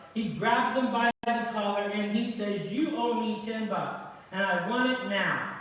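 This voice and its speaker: A man with a high voice preaching a conversational sermon and putting rhetorical questions to his congregation. He sounds distant, with a long, booming reverb from a large church hall. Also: a bit bright. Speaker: pastor. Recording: very echoey church hall from far off.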